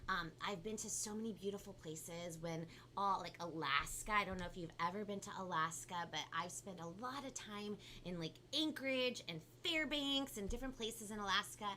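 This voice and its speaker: Bubbly Californian woman, bright voice. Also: mid-range voice, a little hiss or hum. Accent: Californian Valley girl. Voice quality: talks a lot and fast, bubbly. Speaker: kids' show host. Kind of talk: live-stream chat.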